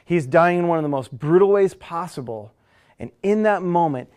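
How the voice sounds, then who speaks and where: A middle-aged male pastor preaching a sermon in a conversational way, dropping to a hush and then rising loud. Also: fairly high pitch, animated, normal speed. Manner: conversational preacher, dynamic swings from hushed to loud.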